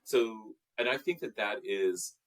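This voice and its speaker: A man's voice: lowish voice, unhurried, fairly bright tone. A man as an interview guest, talking about his work in an earnest, reflective way, with frequent fillers. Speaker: guest, emotional intelligence trainer. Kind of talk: interview conversation.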